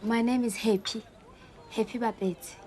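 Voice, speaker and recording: A woman's voice: fairly high pitch, fairly even intonation, normal speed, warm tone, a little hiss or hum, natural voice. A woman playing an earnest, polite young woman client telling her family story.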